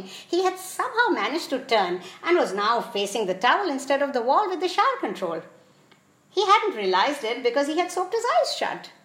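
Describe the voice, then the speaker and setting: A woman hosting a podcast, reading a whimsical story aloud in a playful, expressive storybook narration. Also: a little high. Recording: echoey room.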